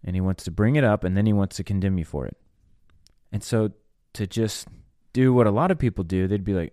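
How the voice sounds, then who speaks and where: A man's voice: low voice, fairly quick, dark tone, no room sound, clean studio sound. A man hosting a solo podcast, teaching in an earnest preaching manner and stressing key words one at a time. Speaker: podcast host and minister.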